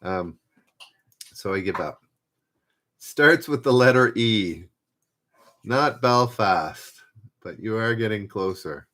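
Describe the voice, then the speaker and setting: Man, trivia host, live stream, low voice, slow unhurried pace, relaxed, self-deprecating. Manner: relaxed, self-deprecating, repeats questions often.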